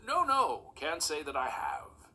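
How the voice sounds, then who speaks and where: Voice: medium pitch, huge pitch swings, unhurried, pushed and bright, slight background noise, exaggerated voice. A reader voicing a nervous man who stammers and hesitates, in a storybook read-aloud. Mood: flustered.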